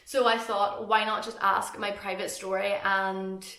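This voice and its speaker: A woman's voice: medium pitch, little pitch movement, unhurried, pushed and bright, echoey room. Chatty young Northern Irish woman vlogging. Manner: chatty, rambling, eating between sentences. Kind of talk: casual chat to camera while eating.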